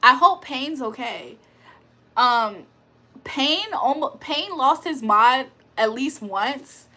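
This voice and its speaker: A woman's voice: high voice, animated, slow, sharp tone. A young woman hosting a casual livestream, reading chat aloud and laughing often. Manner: chatty, laughs often, reads comments aloud.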